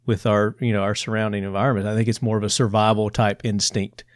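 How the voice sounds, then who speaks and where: A man from Tennessee with a Southern accent, hosting a podcast and chatting in quick asides. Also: fairly low pitch, level tone, no echo, clean studio sound. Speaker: podcast host. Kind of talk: casual interview talk.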